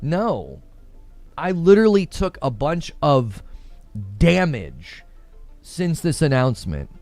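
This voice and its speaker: A man's voice: on the high side, very animated, slow, darkish tone, dry recording, soft background music. A man hosting a gaming live stream, giving heated, emphatic commentary and repeating phrases for effect. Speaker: gaming channel host.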